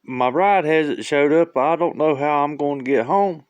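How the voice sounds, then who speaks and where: A man voicing a weepy young woman in a joke, in a high, whiny falsetto. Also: measured pace, smooth, dry recording, muffled recording, natural voice.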